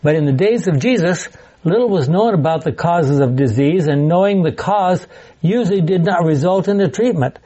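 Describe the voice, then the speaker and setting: A man's voice: on the high side, expressive, moderate pace, mellow, highs cut off. A man leading a Bible study class, chatty and digressive, with laughing asides as he teaches.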